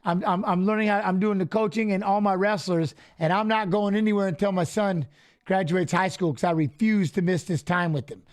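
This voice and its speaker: High-voiced animated middle-aged man. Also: fairly quick. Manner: animated, acts out quoted dialogue, repeats "I go". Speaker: watch-along co-host. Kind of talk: casual storytelling on a live stream.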